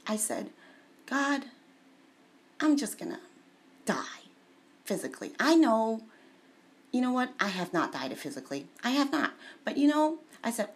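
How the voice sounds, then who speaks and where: A woman talking about her faith in an emotional, personal monologue, often dropping into tearful whispers. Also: on the high side.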